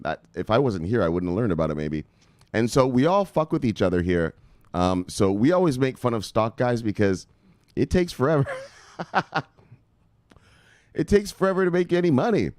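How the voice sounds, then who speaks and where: A man's voice: mid-range voice, sing-song, normal speed, pauses often, no echo, clean studio sound. Brash man hosting a crypto stream. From United States. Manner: loose, swearing, joking, shouting "bang" at viewers' names. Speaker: crypto video host. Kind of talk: casual live-stream chat.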